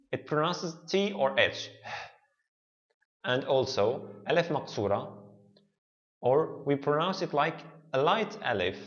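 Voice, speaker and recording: A man who speaks Arabic natively, teaching an alphabet lesson in English and sounding out each letter slowly and deliberately. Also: medium pitch, muffled recording. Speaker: language teacher.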